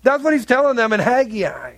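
A man's voice: very high voice, sing-song, fairly quick, a bit bright, no room sound. A male pastor preaching an emphatic sermon, acting out voices in his examples. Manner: emphatic preaching with acted-out dialogue.

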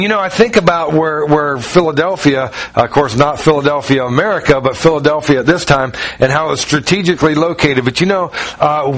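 A man with a Southern US accent, from Ohio, preaching in a relaxed, folksy, self-mocking way with many fillers. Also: on the high side. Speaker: pastor. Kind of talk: conversational sermon.

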